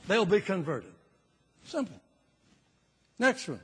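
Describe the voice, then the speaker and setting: A man's voice: high-pitched, sing-song, slow, pauses often, fairly bright tone, breathy edge, in a large hall. An older man preaching a sermon with fervor, repeating phrases for emphasis.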